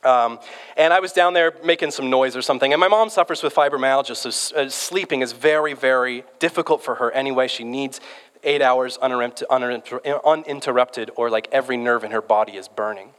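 A man's voice: mid-range voice, brisk, fairly bright tone. A man in his thirties preaching a sermon in a conversational, storytelling way, often restarting his words. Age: 30s. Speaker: pastor. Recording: long hall reverb.

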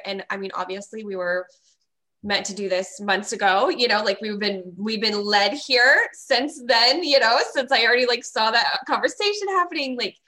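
A woman's voice: on the high side, pushed and bright. A woman in her forties hosting a podcast, gushing and enthusiastic toward her guest. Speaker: podcast host. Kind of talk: casual interview chat.

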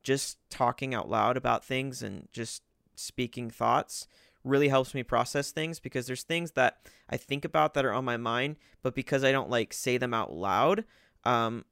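A young podcast co-host explains his ideas slowly and thoughtfully, with plenty of fillers. His voice is gravelly yet smooth and clear. The sound is dry and close, with no room echo. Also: medium pitch, a bit bright. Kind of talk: casual podcast chat.

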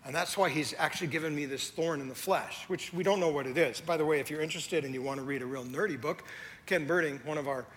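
A man, a lead pastor, preaching a sermon in a conversational way that swings from animated to hushed. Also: a little high, fast talker. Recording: long hall reverb, faint ambience.

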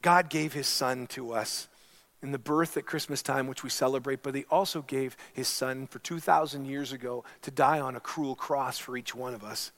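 A man's voice: mid-range voice, fairly even intonation, normal speed, a bit bright. A man preaching a sermon as pastor, telling a story and making earnest appeals to his congregation.

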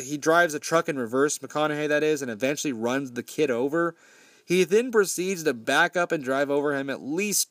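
A man's voice: fairly high pitch, fairly bright tone, no room sound, studio quality. A man casually recapping a horror film with sarcasm and frequent swearing, briefly mimicking the characters' lines. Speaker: movie reviewer. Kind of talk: casual profane movie recap.

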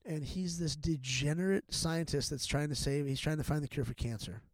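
A man's voice: fairly high pitch, normal speed, dry recording. A middle-aged man talking as a podcast guest in a candid, casual chat, rambling and profane, with many restarts and fillers.

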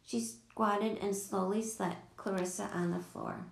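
A woman narrating a children's storybook in a steady, plain first-person manner. Her voice has a gravelly edge at mid pitch. The recording sits in an echoey room. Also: a little slow. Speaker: audiobook reader.

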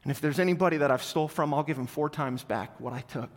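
A man voicing an eager rich man who has just repented, speaking in a quick, breathless way. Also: fairly high pitch, natural voice. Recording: long hall reverb.

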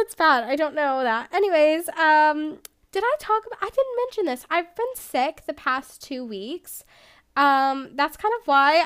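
A woman hosting her own podcast in casual solo chat, rambling and self-deprecating, with lots of "like". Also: high-pitched. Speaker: podcast host.

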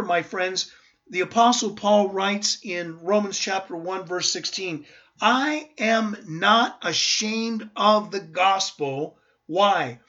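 A man's voice: sits high, fairly bright tone, dull audio. A man pastor teaching a verse-by-verse Bible sermon, earnest and emphatic, with rhetorical questions to his listeners.

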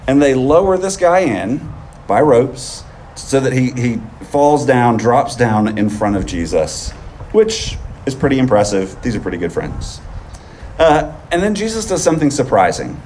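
A man's voice: medium pitch, big pitch swings, unhurried, a little mellow, slight background noise. Conversational male preacher, outdoor sermon. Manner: conversational, often adds "right?". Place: outdoors on a field.

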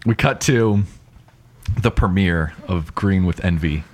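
A man setting scenes and reading prompts in a casual improv comedy show, calm and dry. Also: deep voice, takes it slowly.

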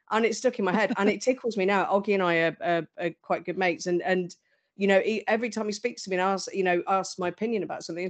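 Woman reminiscing, animated storyteller, plain mid voice. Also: mid-range voice, quick pace. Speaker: guest. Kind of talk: casual fan chat.

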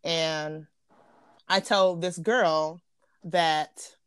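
Lively young woman telling a story. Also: sits low, very slow, clean tone, dry recording. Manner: animated, slangy, acts out quotes. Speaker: podcast host. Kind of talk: casual storytelling chat.

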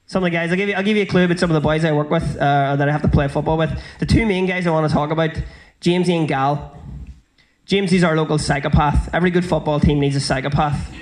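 A young man with a Northern Irish accent, telling a stand-up story in a brisk, sweary, conversational way. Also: on the high side, steady tone. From South Armagh, Northern Ireland. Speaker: stand-up comedian.

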